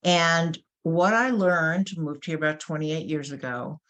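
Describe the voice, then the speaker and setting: A woman with a New York accent giving a webinar presentation as a workshop presenter, emphatic and animated, asking rhetorical questions. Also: low voice, unhurried. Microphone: webinar microphone.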